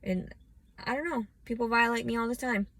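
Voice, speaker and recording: A woman's voice: on the high side, brisk, no room sound. Profane ranting woman, close and dry. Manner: scattered, profane, swings into shouting. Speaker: vlogger. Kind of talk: ranting personal monologue.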